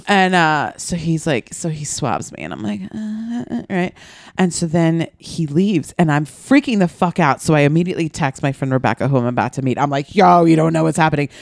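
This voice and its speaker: Low-voiced woman telling a story. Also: brisk, vocal fry, no room sound, clean studio sound. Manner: animated, acts out quotes, swears freely. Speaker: podcast host. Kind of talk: casual comedic storytelling.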